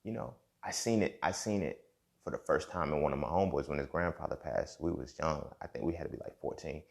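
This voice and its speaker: Man, young adult, very low voice, gravelly, casual reflective podcast monologue. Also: brisk. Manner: conversational, repeats himself, frequent "you feel me". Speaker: podcast host.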